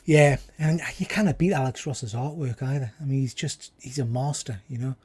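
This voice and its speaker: Chatty man with a mellow voice. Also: mid-range voice, moderate pace, husky. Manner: chatty, enthusiastic, drops to quiet asides. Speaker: livestream host. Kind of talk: casual live chat.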